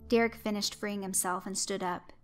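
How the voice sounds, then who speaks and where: A woman narrating a scripted horror story in a steady storytelling reading. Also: mid-range voice, normal speed, slight background noise.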